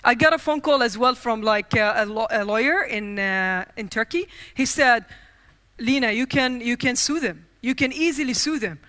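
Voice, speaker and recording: Female keynote speaker, bright and forceful tone, dry close sound, animated storyteller who acts out quotes. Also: a little high, moderate pace, no echo. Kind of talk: storytelling speech. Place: conference stage.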